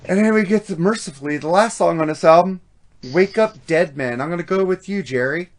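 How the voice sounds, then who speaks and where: A man's voice: high voice, fairly quick. A man co-hosting a casual album review podcast, blunt and profane, laughing often. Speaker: podcast co-host.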